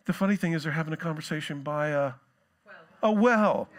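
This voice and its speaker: A male pastor preaching a sermon in a relaxed, conversational way with joking asides. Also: a little high, racing.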